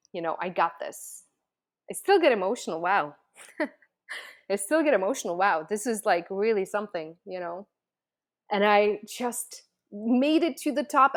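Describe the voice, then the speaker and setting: A woman tells a personal story in a mid-pitched voice. She talks with earnest feeling, leans on casual fillers, and often restarts her sentences. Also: fairly bright tone. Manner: emotional, earnest, many fillers. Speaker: host.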